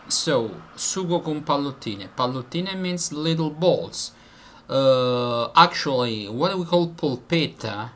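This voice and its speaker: Slow, halting Italian-accented man. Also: medium pitch, a bit bright. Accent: Italian, mixed with British and some American. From Italy. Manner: halting, many fillers and self-corrections. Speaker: video host. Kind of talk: casual explainer talk.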